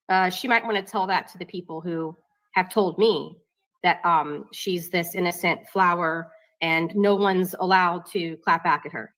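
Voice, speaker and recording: A woman's voice: lowish voice, measured pace, fairly bright tone, low-quality recording. A woman on a livestream panel making dry, sarcastic asides. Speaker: panel member. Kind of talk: livestream commentary.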